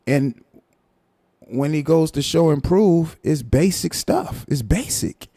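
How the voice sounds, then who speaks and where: A man rants on his live stream, mocking and animated. His voice is dark and gravelly. The sound is dry and close. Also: a little high, slow, no echo. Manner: animated, mocking, repeats himself. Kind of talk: casual commentary rant.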